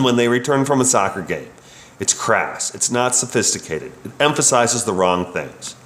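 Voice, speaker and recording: A man's voice: mid-range voice, lively intonation, normal speed, fairly bright tone. Wry man telling a work story. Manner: wry and opinionated. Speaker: bike shop service writer. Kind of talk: reading a personal work story. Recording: roomy echo.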